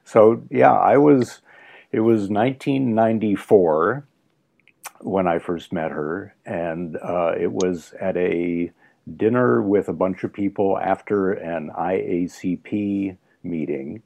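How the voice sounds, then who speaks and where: An older man, a guest author, reminiscing in casual conversation in a halting way, with many pauses and restarts. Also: low voice, gravelly, a little mellow. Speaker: guest, food science author.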